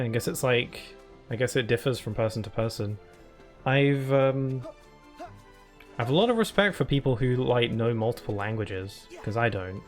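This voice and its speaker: British male game streamer with a mid-range voice and an easy, chatty, laugh-prone delivery. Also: medium pitch. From United Kingdom. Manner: chatty, laughs often, reads chat and on-screen text aloud. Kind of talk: casual gameplay chat.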